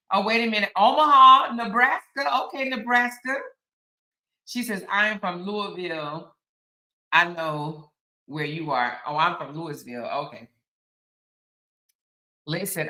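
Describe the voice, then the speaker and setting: A woman's voice: mid-range voice, sharp tone, reverberant. A woman, hosting a casual live stream, chatting straight to her viewers and reading out their comments. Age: 50s. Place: on the outskirts of Houston, Texas.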